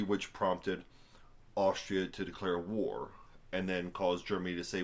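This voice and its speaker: A man's voice: low voice, steady tone, a little slow. A young American man, tired after a long day, rambling casually at home into a camera on a tripod, full of fillers and wry asides. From United States. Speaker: vlogger reviewing a book. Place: at home indoors.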